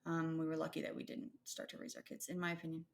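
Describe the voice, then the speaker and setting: A woman's voice: low-pitched, completely flat delivery, fast. A woman in her thirties co-hosting a podcast, talking in a thoughtful, rambling way with many fillers and restarts. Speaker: podcast co-host. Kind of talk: casual conversational chat.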